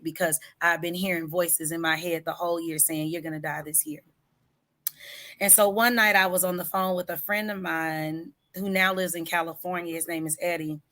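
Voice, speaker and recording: Woman singer sharing a heavy story in an interview, earnest, stretches words for emphasis, sharp bright tone. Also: fairly low pitch. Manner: candid about hard personal struggles. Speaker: singer-songwriter guest.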